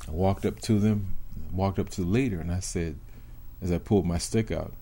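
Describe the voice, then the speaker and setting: A man in his sixties, a former police officer, telling his own story in an interview in a measured, deliberate way with reflective pauses. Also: sits low, dark tone.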